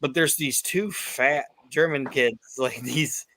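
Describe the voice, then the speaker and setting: A man's voice: medium pitch, slow, pushed and bright, slight background noise. A man hosting a casual chat, retelling events loosely with lots of swearing and fillers. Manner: loose, profane storytelling with fillers. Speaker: podcast host.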